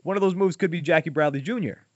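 A man's voice: on the high side, quick pace, dry recording. A man hosting a podcast in casual, opinionated sports chat, talking emphatically. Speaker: podcast host. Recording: dull lo-fi dry sound.

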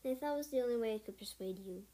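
Woman reading as Yellowfang, old spirit she-cat. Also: a little high, rapid-fire, lightly acted. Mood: solemn. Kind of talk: storybook reading.

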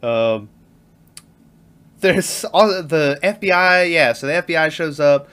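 A man's voice: on the high side, lively intonation, takes it slowly, fairly bright tone, clean tone. A man in casual movie chat who laughs often, acts out lines from the film and swears freely. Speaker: podcast co-host.

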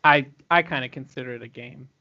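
A young man chatting casually on a podcast, animated and swearing, laughing as he tells his stories. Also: medium pitch, fairly quick, no echo. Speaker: podcast guest. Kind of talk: casual chat. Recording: dull lo-fi sound.

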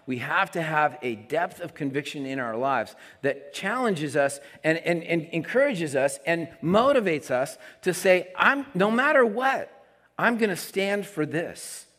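A man preaching a sermon as pastor of his church, talking casually with the congregation. He drops into soft asides and then rises on emphatic statements. His voice rings with the long reverb of the sanctuary. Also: a little high. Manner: conversational preaching, swings between soft asides and emphatic lines.

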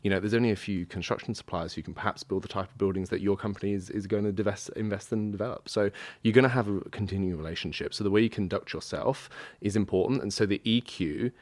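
A man's voice: lowish voice, fast talker, darkish tone, no echo. A man speaking as a panel guest in a business discussion, enthusiastic and emphatic, with frequent ums and restarts.

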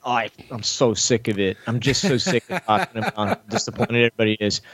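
Talking fast on an echo-free recording, a male podcast host tells a long story in casual conversation, swearing heavily. He animatedly performs other people's lines with big pitch jumps.

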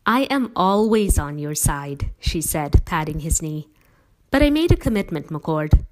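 A woman reads as a devoted, strong-willed middle-aged mother, firm and persuasive with a gently teasing edge. Her voice sits on the low side and her delivery stays emphatic and warm. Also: expressive, measured pace.

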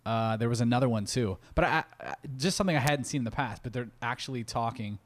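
A man's voice: mid-range voice, fast. Male podcast co-host, casual banter, easygoing, swears offhand. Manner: loose, joking, swears casually. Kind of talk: casual chat.

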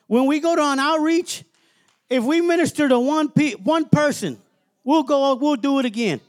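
A man's voice: very high voice, normal speed. A man preaching a sermon as a minister, emphatic and conversational, repeating phrases and laughing as he talks.

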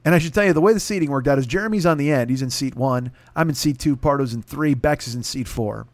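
A man's voice: mid-range voice, fast talker, no echo. A man telling a long comic story on a podcast, swearing constantly and acting out what other people said.

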